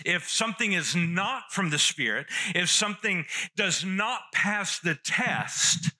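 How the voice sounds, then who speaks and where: Bright-voiced male pastor preaching. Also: sits high, very animated, measured pace. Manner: earnest teaching, repeats key phrases. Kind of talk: sermon.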